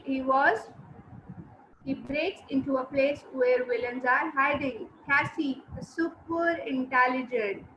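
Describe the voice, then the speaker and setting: A woman teacher, giving an online class, repeating words and syllables slowly and giving brisk commands to students. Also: high-pitched, fairly bright tone, slight background noise. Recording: roomy, slightly dull sound.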